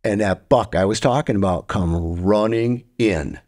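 A man's voice: on the low side, unhurried, a little mellow. A man co-hosting a podcast, telling hunting stories with lots of animation and imitating deer calls and grunts. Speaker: podcast co-host. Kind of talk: storytelling.

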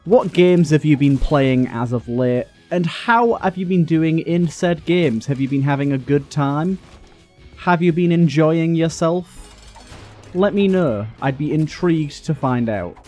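A lively man from the UK, fairly high-pitched for a man, talking over his game in a chatty let's-play style. He grumbles and swears freely, his voice jumping around a lot. Faint game music plays behind him. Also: measured pace. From United Kingdom. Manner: animated, complaining, sweary. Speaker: gaming YouTuber. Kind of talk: casual let's-play commentary.

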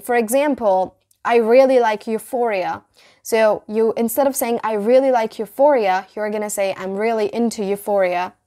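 A young woman giving a casual English vocabulary lesson to camera, chatty, repeating key phrases slowly for emphasis. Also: fairly high pitch, a little mellow. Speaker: English teacher.

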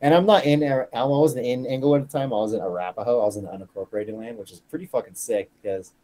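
Guest fighter, male, casual podcast storyteller; mellow tone, swears constantly, acts out voices. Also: mid-range voice, fast talker. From Colorado. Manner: profane, animated storyteller acting out quotes.

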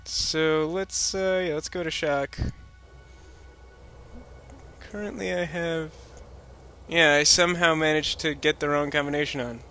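A man's voice: fairly high pitch, fairly even intonation, a little slow, long pauses, sharp tone, soft background music. A man giving rambling, jokey commentary while playing a video game, full of sarcastic asides. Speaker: let's-play commentator. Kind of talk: casual gameplay commentary.

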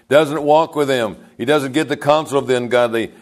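Older pastor, rambling folksy storyteller. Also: male voice, medium pitch, brisk, hardly any pauses. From United States. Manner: rambling, chuckling anecdotes.

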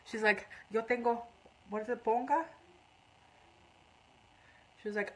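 Streaming live, a makeup artist runs a casual, chatty tutorial, hopping between English and beginner's Spanish while dealing with a runny nose. She has a fairly high, steady voice, speaks a little slowly with long pauses, and the audio quality is poor.

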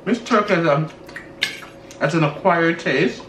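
A man's voice: on the high side, measured pace, fairly bright tone. A man co-hosting a casual mukbang chat, sassy and drawling, calling everyone honey and girl. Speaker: co-host. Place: indoors at a dining table. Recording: roomy, slightly distant, faint noise.

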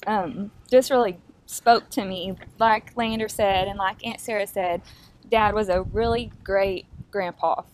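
A woman's voice: mid-range voice, steady tone, a little slow. A woman paying tribute to her father in a church, reading a poem earnestly while holding back tears. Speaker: daughter giving a tribute.

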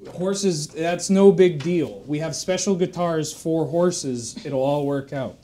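A pushy male guitar teacher reeling off his lesson packages in a quick sales patter, as a man telling a joke puts him on. The voice sits a little high and stays close to the storyteller's own. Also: dark tone, a little hiss or hum. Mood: salesy. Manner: salesy, rapid pitch.

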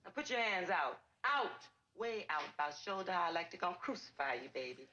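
A low, sultry commander. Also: female voice, big pitch swings, fairly quick, crowd noise. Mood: teasing. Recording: dull, roomy clip with music.

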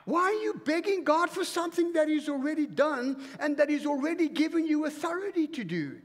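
A man from Africa preaching a fervent, commanding sermon in a church, swinging between loud and hushed. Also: very high voice, animated, brisk, few pauses. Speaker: pastor. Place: church auditorium. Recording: reverberant church hall.

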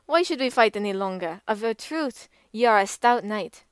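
A woman's voice: mid-range voice, lively intonation, moderate pace, clean tone, no room sound, studio quality, lightly acted. A woman reading an audiobook, voicing a seasoned champion knight who speaks in a good-humoured, hearty way. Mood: genial.

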